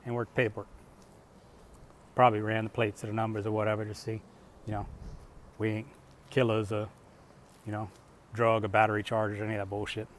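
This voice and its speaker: A middle-aged man vlogs in a low-leaning voice with a completely flat delivery, talking briskly but leaving long pauses, with slight background noise behind him. His casual storytelling monologue is blunt, profane and rambling, and he talks conversationally while throwing out rhetorical questions.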